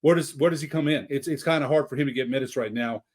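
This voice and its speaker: A man on a sports podcast talking basketball in a halting way, often restarting his thoughts. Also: mid-range voice. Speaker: podcast co-host. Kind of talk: casual sports chat.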